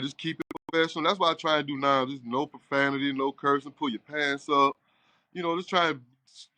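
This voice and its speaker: A man's voice: a little high, no echo. A middle-aged man, a barbershop owner telling a long story and acting out the dialogue as he goes. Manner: animated storyteller, acts out quoted dialogue. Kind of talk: casual storytelling interview.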